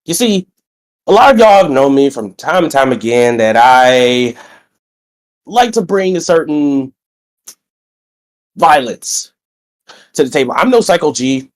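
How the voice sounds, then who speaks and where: A young man cuts a brash wrestling promo, stretching out his greetings and boasting loudly. He is getting over a bout of sickness. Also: mid-range voice, very animated, measured pace, long pauses. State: recovering from being sick. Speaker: wrestling roleplayer cutting a promo.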